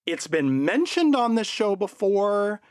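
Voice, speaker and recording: High, lively male podcast guest. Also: unhurried, clean tone, dry recording, studio quality. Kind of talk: casual chat.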